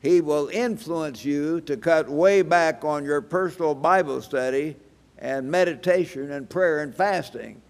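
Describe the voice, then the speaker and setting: A man's voice: on the high side, unhurried. A man in his eighties preaching a sermon, telling folksy anecdotes with chuckles. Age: 80s. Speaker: church evangelist preaching. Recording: reverberant hall sound.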